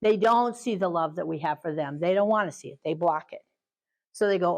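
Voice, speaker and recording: A middle-aged woman leading a training talk for caregivers, animated and lively, acting out children and parents in quick asides. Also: fairly low pitch, muffled recording.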